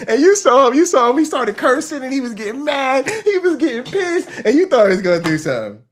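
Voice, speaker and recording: A man's voice: very high voice, big pitch swings, fast talker, a little hiss or hum, voice pushed up. A man voicing scheming billionaires who whisper conspiratorially and then gloat with taunting laughter.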